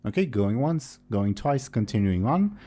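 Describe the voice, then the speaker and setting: A man serving as game master for a tabletop role-playing game speaks in a low, warm voice. He keeps things casual and playful, unhurried, with a relaxed conversational flow.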